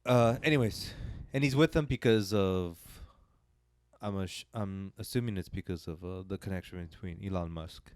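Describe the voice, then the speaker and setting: Deep and smooth, this man's voice moves at a moderate pace as he co-hosts a podcast. He chats casually and rambles through a long retelling, restarting often. The clean studio sound has no room ambience.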